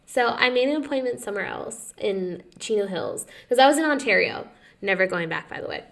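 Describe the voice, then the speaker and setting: Young woman, podcast co-host, creaky, casual chatty storyteller. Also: mid-range voice, fairly quick. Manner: animated storyteller who acts out quotes, says "like" often.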